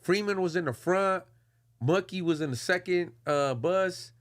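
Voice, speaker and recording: Animated streetwise man telling a story. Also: high-pitched, unhurried. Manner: animated, streetwise slang, acts out quotes. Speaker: podcast host. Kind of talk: casual storytelling.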